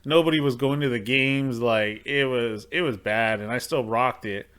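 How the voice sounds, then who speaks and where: A man's voice: mid-range voice, moderate pace, fairly bright tone, clean tone. A man co-hosting a podcast, chatting casually about sports, often repeating words and correcting himself. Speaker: podcast co-host. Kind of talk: casual chat.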